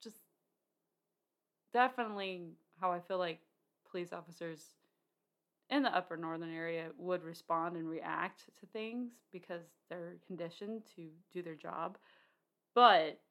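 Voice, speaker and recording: Chatty woman with a lowish voice. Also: a little slow, pauses often, a bit bright. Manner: chatty, many fillers and restarts. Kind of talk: casual film discussion.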